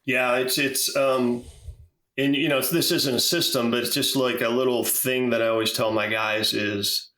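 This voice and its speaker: A man who works as a business coach, a guest on a podcast, telling stories in a relaxed, casual way. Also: mid-range voice, moderate pace, reverberant. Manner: storytelling, relaxed, uses fillers like you know.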